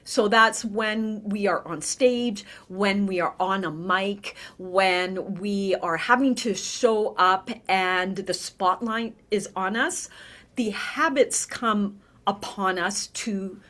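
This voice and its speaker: A middle-aged woman, a vocal coach, talking in a conversational podcast interview, animated and often checking in with "right?". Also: medium pitch, slow. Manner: animated, demonstrates voices, frequent "right?".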